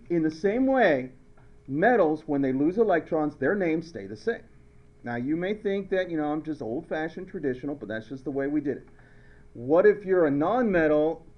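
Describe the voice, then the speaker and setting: A man's voice: fairly high pitch, dull audio. Playful male chemistry teacher lecturing. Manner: playful, storytelling, repeating questions. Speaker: high school chemistry teacher. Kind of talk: classroom lecture with jokes. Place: classroom.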